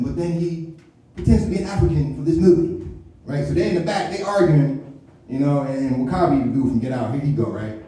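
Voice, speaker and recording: A man's voice: fairly high pitch, brisk, dark tone. A man doing a live stand-up comedy set, talking loose and slangy with plenty of swearing and mock impressions. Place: comedy club stage. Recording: echoey venue picked up from a distance.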